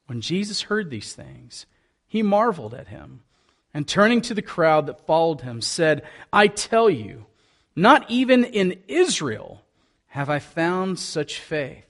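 A man preaches in an earnest, conversational way, reading scripture and leading prayer. His voice sits a little high for a man, and he slips in folksy asides as he goes. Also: big pitch swings, slow. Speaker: pastor.

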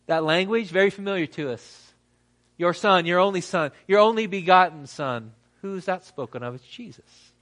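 With a fairly high, fairly bright voice, a pastor preaches a sermon, reading scripture aloud and acting out the quoted lines. He lets dramatic pauses hang between phrases.

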